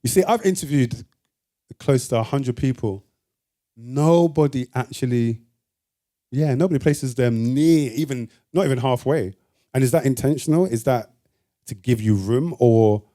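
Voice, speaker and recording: Mellow-voiced male interviewer. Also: medium pitch, unhurried. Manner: attentive, frequent short affirmations. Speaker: interviewer host. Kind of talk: conversational interview.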